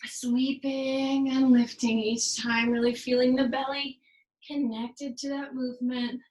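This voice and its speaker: A woman instructor leading a yoga and fitness class, calmly cueing each movement and counting reps down, sometimes adding Spanish phrases. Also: sits high, unhurried, roomy sound, rough recording. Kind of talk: guided workout instruction with counting.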